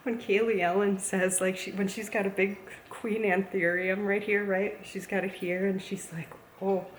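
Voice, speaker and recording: A woman's voice: medium pitch, flat delivery, normal speed, slight background noise. A woman chatting casually as a plant YouTuber, gushing and playful. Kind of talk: casual vlog chat. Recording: echoey room, faint ambience.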